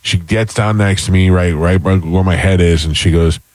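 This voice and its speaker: A man's voice: sits low, fairly even intonation, moderate pace, a little mellow, no echo, low-quality recording. A man hosting a casual chat, telling a long story full of fillers and restarts. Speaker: podcast host.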